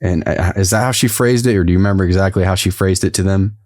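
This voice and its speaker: A man's voice: deep voice, fast talker, darkish tone, no echo, studio quality. A man co-hosting a podcast, recapping a TV episode in casual, rambling chat and laughing easily. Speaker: podcast co-host.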